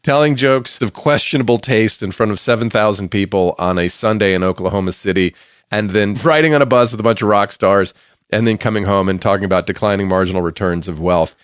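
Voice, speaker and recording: A man's voice: lowish voice, a little fast, no echo, studio quality. A man hosting a podcast, introducing a guest in a chatty, joking, emphatic way. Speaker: podcast host.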